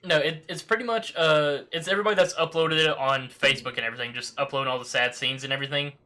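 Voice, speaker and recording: Bright-voiced easygoing man laughing along. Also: fairly high pitch, fairly even intonation, quick pace. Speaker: friend in the game chat. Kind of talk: casual chat over voice chat.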